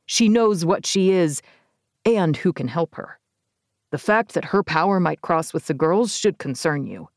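A woman voicing a deadpan, unruffled male minion. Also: fairly low pitch, a little slow, no echo, studio quality. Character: unflappable male minion, calm and blunt. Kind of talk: audiobook character voice.

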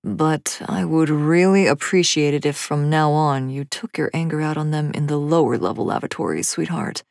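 A woman voicing a tall, affectionate father who speaks in a low, easy, gently amused way in a storybook reading. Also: moderate pace, creaky, dry recording, studio quality. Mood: fond.

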